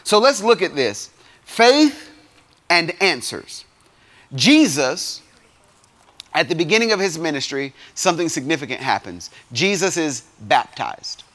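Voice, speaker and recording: A man with a fairly high voice preaches to a youth crowd. He keeps it lively, punching some lines loud and dropping others to near asides. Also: unhurried. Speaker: youth pastor. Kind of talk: sermon.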